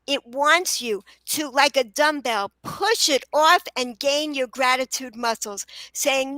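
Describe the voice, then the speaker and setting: A woman's voice: sits high, a little slow, no room sound, low-quality recording. A middle-aged woman, a children's book author, talking earnestly as a podcast guest and sometimes tripping over her words in eagerness. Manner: earnest, stumbles and restarts when excited. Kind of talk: podcast interview.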